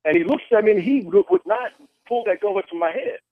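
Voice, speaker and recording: A man's voice: high-pitched, sing-song, fast talker, no room sound. A man on a call-in show telling a personal story in an earnest way, with restarts and acted quotes. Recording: tinny phone line, dry.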